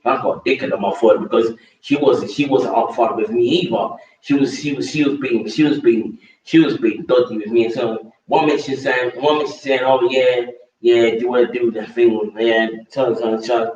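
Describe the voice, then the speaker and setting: Vlogger, rambling repetitive rant with crude slang; dull, distant, echoey recording. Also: male voice, mid-range voice, normal speed, hardly any pauses, darkish tone. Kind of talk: casual rant to camera.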